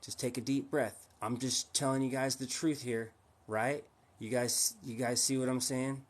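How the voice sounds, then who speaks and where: A man's voice: medium pitch, level tone, normal speed. A man hosting a casual livestream, pushy and teasing, firing rhetorical questions at his viewers. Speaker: livestream host.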